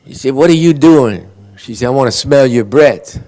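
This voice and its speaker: A man tells long, rambling jokes at a conference awards ceremony. His voice sits at an ordinary middle pitch, and he slips briefly into his characters' lines as he goes. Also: animated, normal speed, warm tone. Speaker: after-dinner joke teller. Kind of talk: folksy joke telling.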